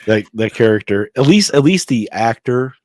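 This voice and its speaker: A man's voice: medium pitch, expressive, normal speed, no echo. A man co-hosting a casual podcast, rambling through his opinions with restarts and chuckles. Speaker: co-host.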